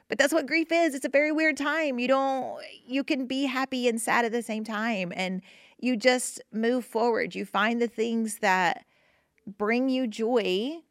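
A woman hosting a podcast, talking casually and gently about grief, reassuring listeners with lots of fillers and restarts. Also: fairly high pitch, dry recording, clean studio sound. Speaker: podcast host.

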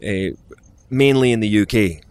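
Deep-voiced Scottish man telling stories. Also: normal speed, a little mellow. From Scotland. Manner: rambling, with frequent restarts and acted-out quotes. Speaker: actor guest. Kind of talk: casual interview storytelling.

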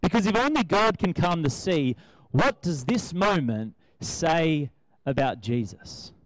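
A man's voice: a little high, very animated, measured pace, no room sound, rough recording. A young man giving a conversational sermon, asking his listeners rhetorical questions. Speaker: preacher.

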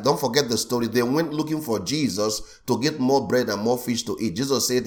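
A middle-aged man preaching a sermon as pastor, animated, often acting out the voices of the people he quotes. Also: medium pitch, brisk, few pauses.

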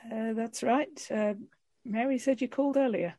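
A woman's voice: fairly high pitch, fairly even intonation, moderate pace, warm tone, close to an everyday voice. A woman voicing a polite, eager young male student on the phone. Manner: polite, hesitant.

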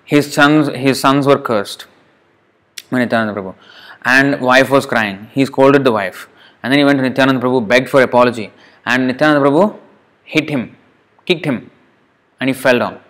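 A man's voice: medium pitch, normal speed, pauses often, a bit bright. A man speaking at a temple, telling a sacred story in a conversational sermon, acting out the quotes and asking the listeners questions.

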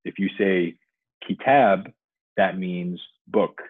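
A man's voice: sits low, normal speed, breathy edge, no echo. A man as a podcast guest, explaining things thoughtfully at length in casual conversation. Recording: dry, phone-like remote audio.

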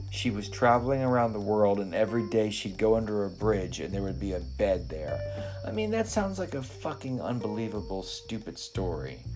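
A man's voice: on the low side, darkish tone. A man hosting a casual late-night podcast, tired and a little drunk, rambling and swearing as he keeps interrupting himself. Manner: rambling, profane, self-interrupting. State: tired, yawning, slightly drunk. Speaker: podcast host.

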